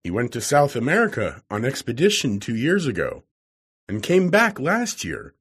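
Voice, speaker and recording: Storybook: a wry middle-aged editor, voiced by the male narrator; husky, brisk, lively pitch. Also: full character voice.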